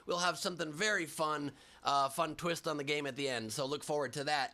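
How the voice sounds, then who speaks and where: A man's voice: on the high side, fairly even intonation, brisk, creaky, hardly any pauses, sharp tone. A man hosting a comedy show over a video call, riffing playfully and joking with guests. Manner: playful, riffing, mock voices and jokes. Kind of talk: improvised comedy banter.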